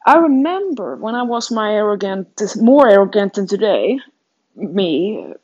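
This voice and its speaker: A woman's voice: mid-range voice, big pitch swings, a little slow, a little mellow, slightly rough. A fitness coach from Sweden talks through her thoughts in a casual, rambling monologue, mocking herself and restarting her sentences often. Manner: rambling and self-mocking, many restarts and laughs. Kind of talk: casual self-reflective monologue. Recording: dull lo-fi sound.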